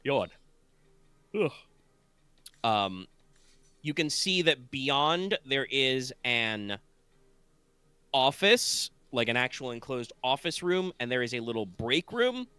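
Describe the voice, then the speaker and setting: A man's voice: medium pitch, sing-song, slow pace, pushed and bright, clear, resonant tone, no room sound. A man narrating a tabletop game as game master over a voice call, drowsy and rambling with many fillers. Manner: rambling, full of fillers and restarts. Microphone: online voice call.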